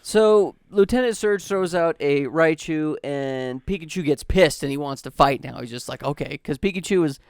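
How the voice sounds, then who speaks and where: Smooth-voiced man, laid-back recap. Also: fairly high pitch, moderate pace, hardly any pauses, no room sound, studio quality. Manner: laid-back, swears casually while summarizing. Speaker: podcast co-host. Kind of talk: casual recap chat.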